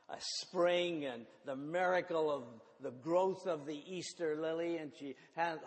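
A man preaching a sermon, halting and repeating words as he thinks aloud. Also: fairly high pitch, a little mellow. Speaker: pastor. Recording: reverberant church hall.

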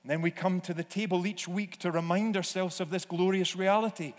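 A man preaching a sermon in a church, slow and deliberate, sometimes acting out voices. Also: high-pitched, steady tone. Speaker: pastor. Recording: long reverb of a church hall.

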